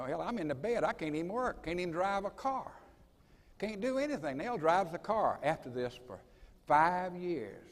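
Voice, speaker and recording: An older man telling a folksy, emphatic story as a speaker at a college assembly. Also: high-pitched. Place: school assembly hall. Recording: long reverb of a large hall.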